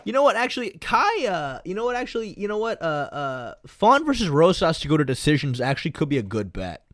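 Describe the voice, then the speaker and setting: A man's voice: on the high side, sing-song, brisk, a bit bright. Rambling, swearing male streamer. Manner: rambling and repetitive, swears casually. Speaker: MMA streamer. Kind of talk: casual livestream chat.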